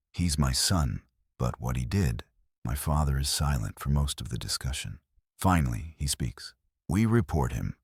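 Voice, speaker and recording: A man's voice: a bass voice, slightly rough, no echo, clean studio sound. A man narrating a first-person drama story in short, dramatic sentences, reading all the dialogue in his own voice.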